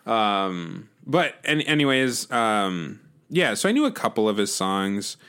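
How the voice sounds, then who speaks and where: A young man with a somewhat low voice tells a story in loose, casual chat. He rambles, piles on fillers and swears freely. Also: sing-song, a little slow, a bit bright, clear, resonant tone.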